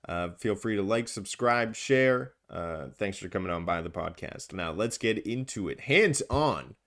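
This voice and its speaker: A man with a fairly low voice co-hosting a gaming podcast. He talks in an upbeat, loose, casual way, full of filler words and restarts. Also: animated, a little slow, fairly bright tone. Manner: chatty, filler-heavy, upbeat. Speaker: podcast co-host.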